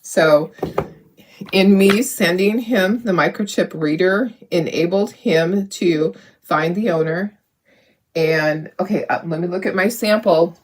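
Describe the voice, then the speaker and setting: A woman's voice: on the low side, takes it slowly. Middle-aged lady on her craft stream, chatty and emotional, keeps restarting sentences. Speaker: craft channel host. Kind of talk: casual livestream chat while crafting.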